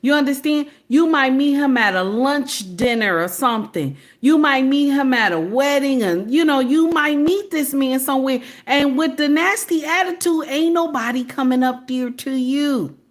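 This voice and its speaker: Talking at normal speed with hardly any pauses, a high-voiced woman in her forties with a Southern US accent hosts a livestream. Sassy and preachy but casual, she addresses viewers directly as "baby" and tosses in "okay?".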